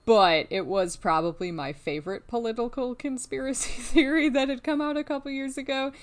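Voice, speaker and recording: A woman co-hosting a podcast in casual chat, chatty and excitable, often laughing as she talks. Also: on the high side, fairly quick. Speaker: podcast co-host.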